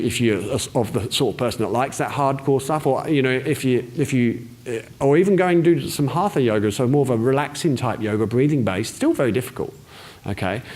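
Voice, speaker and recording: A man's voice: medium pitch, darkish tone. A man giving casual explanatory health advice to camera, chatty, with frequent restarts and check-in questions. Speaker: wellness presenter.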